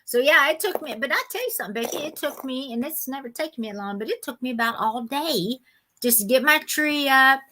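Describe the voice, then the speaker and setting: A woman's voice: sits high, lively intonation, fairly quick, sharp tone. A woman with a Southern US accent hosting a live vintage sale stream, chatty and folksy and laughing often. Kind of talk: casual live-stream chat.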